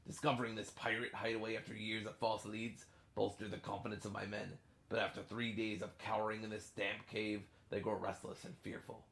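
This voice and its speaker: A man's voice: on the low side, level tone, a little fast, gravelly, fairly bright tone, echoey room. A man voicing a male pirate in a put-on old British pirate accent, reading a letter in a hammy mock-solemn way.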